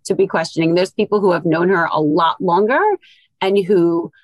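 A woman, a reality show cast member, answering interview questions in a measured way with frequent fillers. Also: on the low side, steady tone, no echo.

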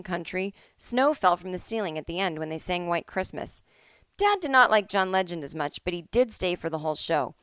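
A middle-aged woman hosting her own podcast from home, chatting casually with animated, sarcastic asides. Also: fairly low pitch, clean tone, no echo. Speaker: podcast host. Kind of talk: solo casual chat.

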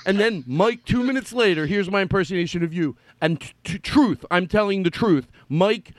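A man's voice: high-pitched, moderate pace, dry recording. A middle-aged man hosting a casual chat, telling old stories with energy and acting out what people said. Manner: animated storyteller, acts out quotes. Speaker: podcast host.

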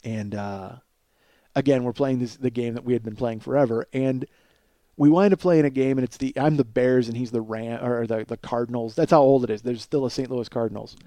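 A man's voice: mid-range voice, fairly quick, mellow, no echo. A man in his forties telling a long personal story in a casual, profane way, often laughing as he talks. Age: 40s. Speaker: podcast storyteller.

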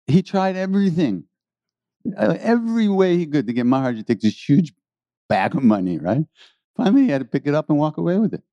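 Lively, mellow-voiced male storyteller. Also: fairly high pitch, fast talker, no room sound, dull audio. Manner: rambling, animated, laughs often. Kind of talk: storytelling talk to an audience.

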